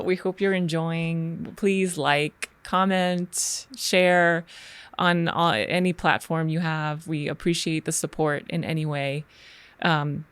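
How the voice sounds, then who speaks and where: A woman's voice: low voice, fairly bright tone, clean tone, dry recording. A woman co-hosting a podcast in casual chat, easygoing and joking. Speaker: podcast co-host.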